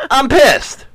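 A man's voice: extremely high pitch, pushed and bright. A man co-hosting a podcast, bantering casually in a profane, boastful, mock-preaching way. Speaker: podcast co-host.

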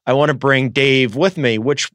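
A man's voice: mid-range voice, fairly even intonation, fairly bright tone, no echo. A man hosting a sports podcast in a studio, talking casually and laughing easily. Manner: chatty, laughs easily, quick asides. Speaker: podcast host.

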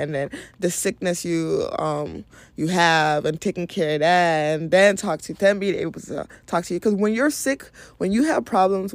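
Woman from Nigeria, podcast host, casual profane wellness talk, gravelly fry, dry close sound. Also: fairly low pitch, dry recording. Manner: frank and profane, laughs often. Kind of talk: casual spiritual wellness monologue.

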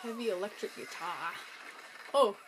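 A woman co-hosting a podcast, chatting casually and dropping quick trivia while watching an episode. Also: medium pitch, lively intonation, a little hiss or hum, low-quality recording. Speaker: podcast co-host.

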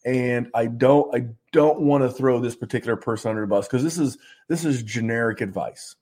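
A man on a podcast works himself into a swearing rant. He stumbles over repeated restarts as he talks, and his voice sits in a middle pitch that leaps up when he gets angry. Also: brisk, a little mellow. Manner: fired-up, swearing, stammering restarts; repeats "I, I, I" at starts of lines. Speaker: podcast co-host.

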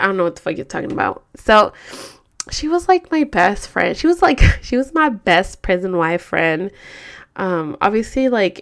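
A woman telling a story casually, full of slang and swearing, acting out quotes with lively energy. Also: medium pitch. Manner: profane, slangy, animated quoting. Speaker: storyteller vlogger.

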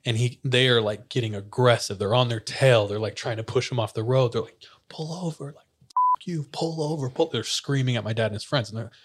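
Young man, casual podcast storytelling, animated, mid pitch, acts out the other voices. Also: quick pace, few pauses. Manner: animated storyteller, acts out quotes, laughs often.

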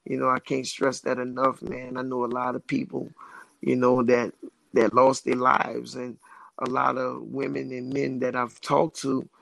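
A man's voice: mid-range voice, creaky, dry recording, poor audio. Earnest man telling his story. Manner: earnest, repetitive, emphatic storytelling. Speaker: interview guest, recovery advocate. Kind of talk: podcast interview storytelling.

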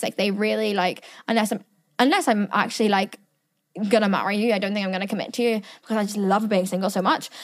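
A woman in her twenties hosting a podcast, chatting casually and rambling with lots of fillers. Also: mid-range voice. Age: 20s. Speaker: podcast host. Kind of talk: casual chat.

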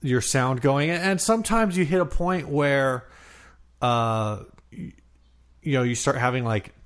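A man's voice: medium pitch, unhurried, fairly bright tone, clean tone. Rambling man in casual podcast chat. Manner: rambling, lots of fillers and restarts. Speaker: podcast co-host.

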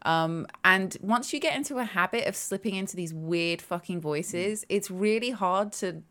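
A woman's voice: medium pitch, moderate pace, a bit bright. A woman co-hosting a podcast, rambling and giggly in casual chat, swearing freely. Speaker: podcast co-host.

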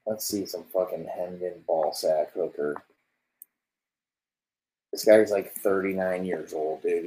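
A young man with a very low voice streams his reactions to football clips. He swears nonstop and talks loosely and casually to his viewers. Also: fairly even intonation, slow, pauses often, warm tone, poor audio. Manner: profane, swears constantly. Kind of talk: casual live-stream commentary.

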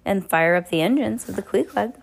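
A woman reading aloud and voicing an earnest, quick-thinking teenage girl. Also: mid-range voice, expressive, gravelly, breathy edge, voice pushed up.

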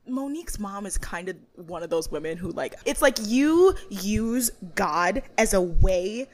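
On a podcast she co-hosts, a young woman with a medium-pitched, unhurried voice recaps a reality show casually. She's animated, laughing, ranting, swearing, and imitating other people's voices.

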